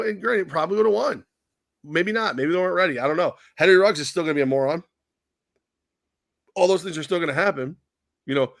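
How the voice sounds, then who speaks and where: A man's voice: fairly high pitch, vocal fry, no echo, studio quality. A man co-hosting a casual sports podcast, telling rambling stories full of acted-out quotes and cursing. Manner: animated storyteller acting out quoted people, swears freely. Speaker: podcast co-host.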